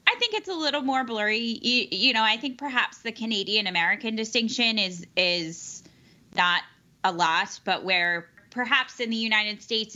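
A woman's voice: medium pitch, pushed and bright. A woman, an in-house lawyer, appearing as a podcast guest and weighing each point thoughtfully. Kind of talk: conversational legal podcast discussion. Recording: dull lo-fi audio.

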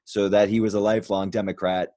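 A man with a very deep voice hosts a podcast and chats in a loose, rambling way, often restarting his sentences. The recording is close and dry, with no room sound. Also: flat delivery, quick pace, mellow, dry recording. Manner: rambling, many restarts and fillers. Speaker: podcast host. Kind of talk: casual conversation.

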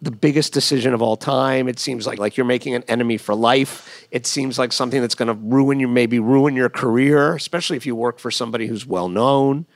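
A man's voice: mid-range voice, fairly quick, hardly any pauses, no room sound. A middle-aged man hosting an interview, inquisitive and talkative, often going off on tangents. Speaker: interviewer, podcast host. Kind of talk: casual conversational interview.

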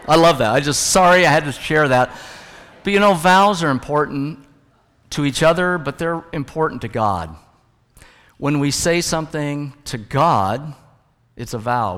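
Guy pastor preaching, chatty and jokey, average pitch, lots of hall echo. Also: a bit bright. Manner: conversational, tells jokes and stories from the pulpit. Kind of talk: sermon. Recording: long hall reverb.

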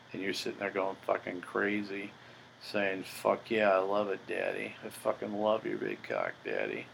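An older man hosts a podcast, telling a story in a casual monologue that is blunt, profane, and boastful. His lowish voice has vocal fry and a bit of brightness, and the rough recording carries slight background noise.

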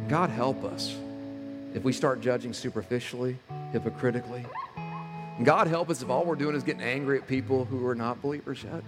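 A male pastor, preaching a sermon conversationally and swinging between loud, animated stretches and hushed ones. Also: medium pitch, brisk. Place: church sanctuary. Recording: long hall reverb with music behind.

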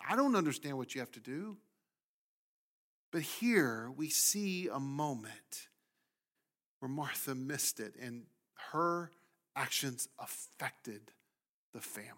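A male pastor preaching a sermon, swinging from loud emphasis down to hushed, near-whispered lines. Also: medium pitch.

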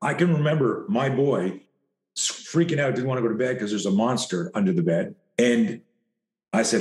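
A man who coaches fighters and teaches self-defense, telling an animated, profane story in an interview and acting out the dialogue. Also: medium pitch, normal speed, echoey room.

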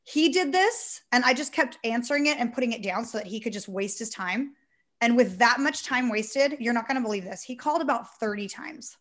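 A woman telling her story in a casual talk show, animated and full of "like". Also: on the high side, fairly quick. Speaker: salon owner, guest. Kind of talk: casual podcast conversation.

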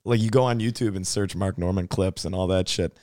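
A man's voice: sits low, a little fast, warm tone, no echo, clean studio sound. A man hosting a podcast in casual chat, loose and laughing as he retells anecdotes with voices. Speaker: podcast host.

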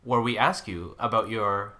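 A man with a Canadian accent hosts casual podcast banter, his low voice carrying a bright, forceful edge. He jokes, teases friends and pokes fun at himself. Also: slight background noise. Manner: joking, self-deprecating, quick asides. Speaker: podcast co-host.

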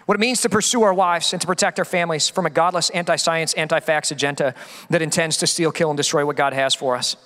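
A man, a pastor, preaching an emphatic sermon, rising for stress and dropping low for appeals. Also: fairly even intonation, quick pace, a bit bright. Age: adult father of a young son. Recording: long reverb of a church hall.

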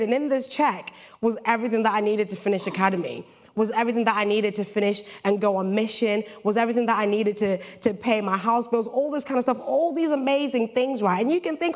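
Young female British preacher, playful storyteller, slightly high voice. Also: fairly quick, hardly any pauses. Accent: British English. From Britain. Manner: lively, jokey storytelling. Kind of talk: sermon.

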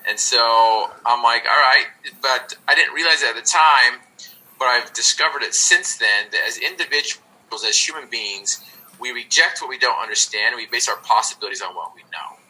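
Earnest man with a bright voice. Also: mid-range voice, moderate pace, rough recording. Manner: earnest, reflective, with many restarts. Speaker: guest. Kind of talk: conversational storytelling.

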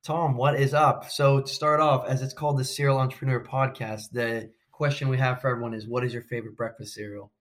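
A man's voice: medium pitch, flat delivery, brisk, hardly any pauses. A man hosting a podcast, asking his guest questions in an easygoing, conversational way. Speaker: podcast host. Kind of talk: casual interview.

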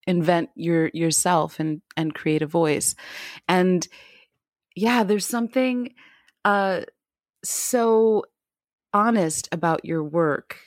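A woman with a lowish voice hosts a relaxed interview. She asks long, halting questions full of fillers and laughs easily, and her voice sounds dry and close. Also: no echo. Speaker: interview host. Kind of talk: casual interview conversation.

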